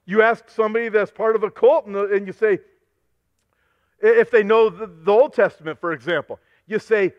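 A man's voice: high voice, fairly even intonation, normal speed, no room sound, highs cut off. A male pastor preaching a fervent sermon, quoting scripture and losing his voice.

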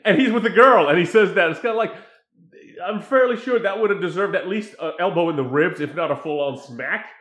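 A man in casual chat recapping a movie, animated and laughing as he acts out scenes. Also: high-pitched, brisk. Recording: echoey room.

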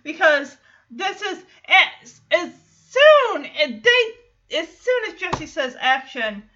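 A woman's voice: extremely high pitch, sing-song, slow pace, pushed and bright, lo-fi sound. A woman hosting a podcast, recapping a TV episode in a chatty, amused way with frequent laughter. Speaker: podcast host.

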